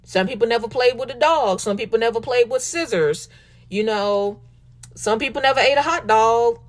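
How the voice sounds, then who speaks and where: A woman with a Southern US accent hosting a casual commentary talk show, sassy and animated, calling her listeners baby and y'all. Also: fairly high pitch, moderate pace. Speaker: podcast host.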